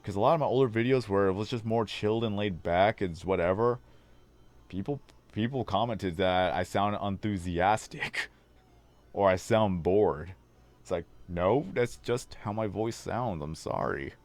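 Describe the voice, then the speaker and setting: Male livestream host, low baritone, a little hoarse, rambling chat, close and dry mic. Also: measured pace, no room sound. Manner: rambling, talks on long tangents. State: slightly hoarse, losing his voice. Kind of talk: casual livestream chat with viewers. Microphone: desk microphone.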